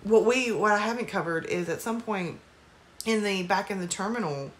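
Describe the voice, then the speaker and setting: A woman's voice: mid-range voice, normal speed. A woman casually recapping a movie's plot at home, rambling with lots of fillers and apologetic asides. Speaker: movie reviewer.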